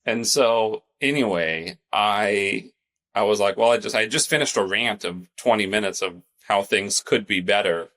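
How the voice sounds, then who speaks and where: A man's voice: lowish voice, moderate pace, a bit bright. A man from California co-hosting a podcast, telling rambling stories in casual chat. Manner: rambling storytelling, laughs easily. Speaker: podcast co-host.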